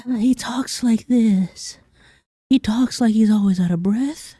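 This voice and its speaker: A man putting on a breathy, jittery monster villain. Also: high voice, unhurried, dark tone, no echo, studio quality. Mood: nervous. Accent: Southern US. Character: nervous, breathless, high-pitched monster villain, male.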